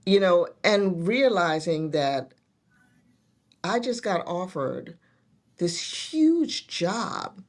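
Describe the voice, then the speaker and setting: A woman's voice: fairly low pitch, sing-song, extremely slow. A middle-aged woman, a guest in a casual interview, telling her story earnestly with many restarts. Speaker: guest, nurse executive.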